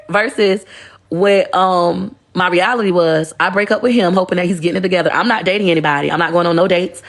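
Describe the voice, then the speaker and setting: Blunt, profane woman with a gravelly voice. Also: on the low side, quick pace. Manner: blunt, profane, animated storytelling. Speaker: livestreamer. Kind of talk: casual livestream monologue.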